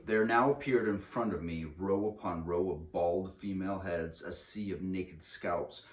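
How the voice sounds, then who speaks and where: A man reading a children's book aloud in an expressive way, slowing down for dramatic emphasis. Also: deep voice. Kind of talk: read-aloud storytelling. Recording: echoey room.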